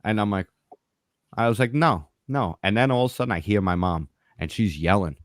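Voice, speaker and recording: A low-voiced man telling a long story in loose, profane chat. He jumps into the other characters' voices as he goes. The sound is dry and close. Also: fairly quick, no room sound. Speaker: podcast regular telling his story. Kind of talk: casual storytelling.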